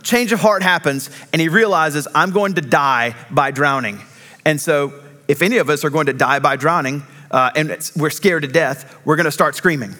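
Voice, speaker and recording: A man preaching a sermon in an earnest, emphatic way, slowing down on key phrases. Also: a little high, bright, forceful tone. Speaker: pastor.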